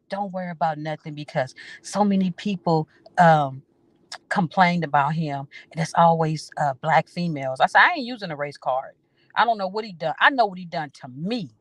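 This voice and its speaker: A woman's voice: low voice, no room sound. A woman hosting a casual storytelling chat, blunt and profane, repeating phrases for emphasis and acting out both sides of her conversations.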